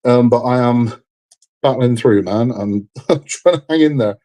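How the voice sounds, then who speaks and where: Building a model kit on a live stream, a man rambles along in casual, frank chat, repeating himself since he's worn out and feeling under the weather. He has a mid-range, mellow voice and speaks a little slowly.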